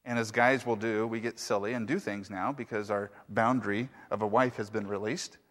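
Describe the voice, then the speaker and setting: Speaking at a moderate pace in a lowish, fairly bright voice with fairly even intonation, a pastor tells a story during his sermon. He chats with the congregation in asides, and the church sanctuary adds echoey hall reverb.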